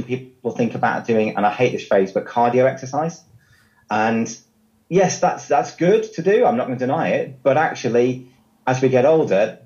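A man's voice: mid-range voice, a little mellow, highs cut off. A man, a fitness trainer guest on a podcast, explaining things patiently with everyday comparisons. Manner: explanatory, uses analogies. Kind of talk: podcast interview.

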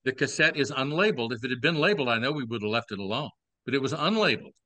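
Older man, southern accent, bright voice, wry anecdote telling, dry close sound. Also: medium pitch, expressive, no echo. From Texas. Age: 60s. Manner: wry, drawn-out storytelling with playful asides. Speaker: podcast host. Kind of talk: casual storytelling chat.

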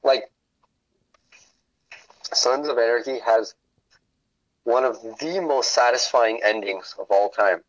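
A man's voice: mid-range voice, slow, long pauses, no room sound, dull audio. A man, a podcast guest, in casual chat, telling stories in a rambling, profane way.

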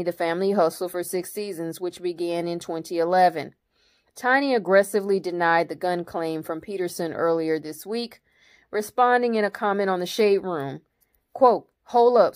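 A woman hosting her own commentary channel, reading news articles aloud and breaking off into blunt, profane opinions. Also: fairly low pitch.

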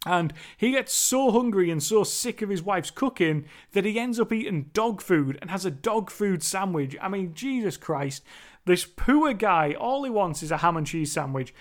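A young man talks through a movie he watched, rambling and laughing as he goes. His voice sits high for a man. Now and then he acts out lines from the film. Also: lively intonation, normal speed. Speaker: movie reviewer. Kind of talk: casual spoken movie review.

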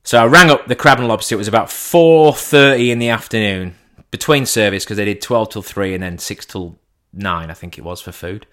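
A man's voice: lowish voice, a little fast, hardly any pauses, bright, forceful tone. A man telling a cheeky anecdote casually, swearing and acting out the dialogue. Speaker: storyteller.

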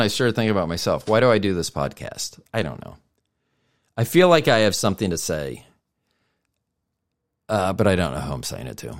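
A middle-aged man hosting a podcast, telling a rambling, profane story in a heated, casual way. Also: lowish voice. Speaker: podcast host.

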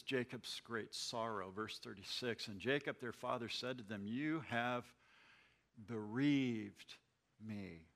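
A man gives a verse-by-verse sermon, reading scripture and then explaining it in a chatty way. His voice is bright and forceful, and he often restarts his words as he talks it through. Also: mid-range voice. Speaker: Bible teacher.

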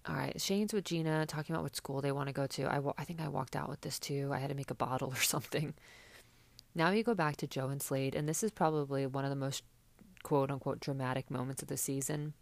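A woman's voice: rumbling low, quick pace, creaky, no echo. A young woman chatting casually and sarcastically as a podcast host, with many fillers. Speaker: podcast host recapping reality TV. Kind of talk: casual chat.

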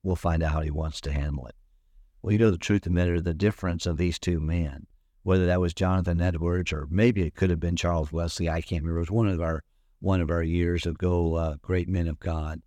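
A man's voice: low-pitched, a little fast, no echo. A man preaching a sermon and telling stories, acting out the people he quotes. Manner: storytelling with animated acted-out quotes. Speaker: pastor.

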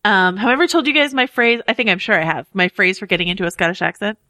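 A woman's voice: medium pitch, expressive, very fast, bright, forceful tone, no room sound. A woman co-hosting a podcast in casual chat. She is chatty and self-mocking, laughing often as she reads out listener reviews. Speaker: podcast co-host.

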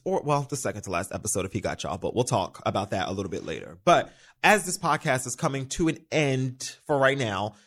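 A young man from the United States hosting a casual solo podcast, chatty and animated, swearing freely. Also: medium pitch. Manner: animated, chatty, swears freely, quotes himself in little voices. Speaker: podcast host.

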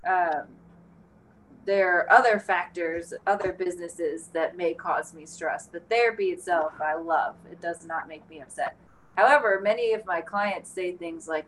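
A woman's voice: fairly low pitch, a little slow, fairly bright tone. A woman therapist co-hosting a podcast, talking frankly and bluntly in casual chat, swearing now and then. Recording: distant mic with faint background noise.

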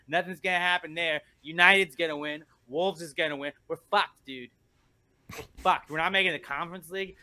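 A man's voice: fairly high pitch, steady tone, moderate pace, pushed and bright. A young man on a podcast, ranting angrily and swearing about his football team's losses. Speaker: podcast co-host. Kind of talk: casual podcast rant.

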